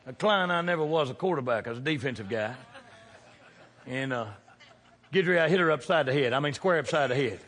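A man in his fifties preaching a sermon, joking and throwing call-and-response questions at the congregation, swinging from loud to hushed. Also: a little high, lively intonation, brisk, long pauses. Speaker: pastor. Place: large church sanctuary. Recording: long hall reverb.

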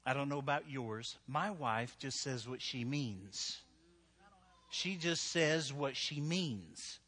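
A man's voice: medium pitch, lively intonation, takes it slowly, pushed and bright. A middle-aged man preaching a humorous sermon to a live church audience, joking and talking conversationally, often checking in with "right?". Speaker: pastor.

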